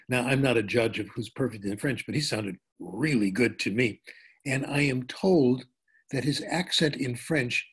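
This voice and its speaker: An older man gives a talk in a relaxed, anecdotal way, wandering into stories and restarting his sentences. His voice has a slightly husky edge at an ordinary pitch. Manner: anecdotal, conversational with pauses and restarts. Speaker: linguistics speaker. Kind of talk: conference talk.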